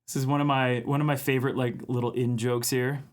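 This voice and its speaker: A man from Minnesota hosting a casual art live stream, chatting and laughing with viewers while he draws. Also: medium pitch. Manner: chatty, laughs often, reads chat aloud.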